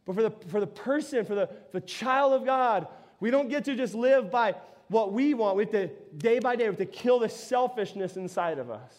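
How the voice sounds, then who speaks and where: A male pastor preaching a sermon in a lively, conversational way, full of quick restarts and asides. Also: sits high.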